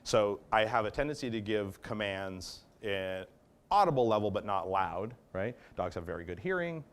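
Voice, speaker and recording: A man's voice: on the low side, lively intonation, moderate pace. A man, a dog trainer, giving a conversational workshop talk, explaining and often checking in with his listeners. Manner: acts out commands in varied tones. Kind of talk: workshop lecture.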